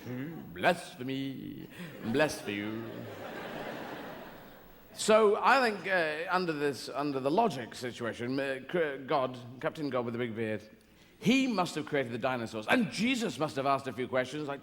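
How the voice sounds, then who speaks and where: A man's voice: medium pitch, big pitch swings, measured pace, a bit bright. A man performing stand-up comedy in a large theatre, rambling and digressing, cutting himself off mid-thought. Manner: rambling, digressive, self-interrupting. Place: large theatre, live audience. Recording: live theatre hall reverb with audience noise. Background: audience ambience.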